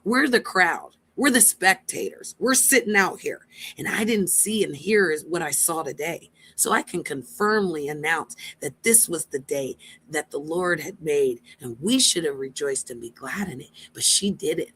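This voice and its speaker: A woman's voice: low voice, animated, normal speed, fairly bright tone, husky. A woman hosting a stream, giving blunt, profane reaction commentary straight to her viewers. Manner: brash, blunt and profane, addresses viewers directly.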